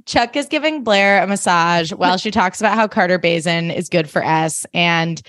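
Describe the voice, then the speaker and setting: A woman's voice: fairly low pitch, normal speed, fairly bright tone, dry recording, clean studio sound. A woman co-hosting a podcast, recapping a TV episode in casual chat, giggly and full of "like". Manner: chatty and giggly, heavy on "like". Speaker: podcast co-host.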